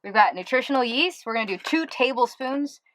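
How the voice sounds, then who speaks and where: Upbeat woman chef with a bright voice. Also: a little high, expressive, fairly quick, a little hiss or hum, low-quality recording. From US East Coast. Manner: upbeat, enthusiastic, chatty. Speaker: host, plant-based chef. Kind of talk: casual cooking vlog.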